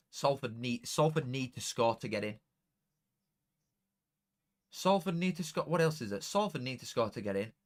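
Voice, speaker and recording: Excitable young man streaming football. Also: lowish voice. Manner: excitable, chatty, swings from flat mutter to loud outbursts. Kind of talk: casual live commentary to viewers.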